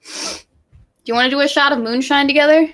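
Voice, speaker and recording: A woman's voice: high-pitched, fairly even intonation, brisk, fairly bright tone. Young woman vlogger, tipsy, emotional, swears a lot, casual chat. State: drinking, tipsy. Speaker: college student vlogger.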